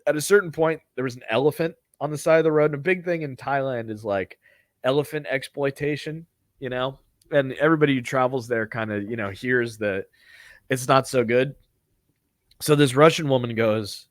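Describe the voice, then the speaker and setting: Male podcast host, loose profane storyteller, mid pitch, dry close sound. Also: normal speed, dry recording. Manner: rambling, profane, offhand. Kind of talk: comedic storytelling.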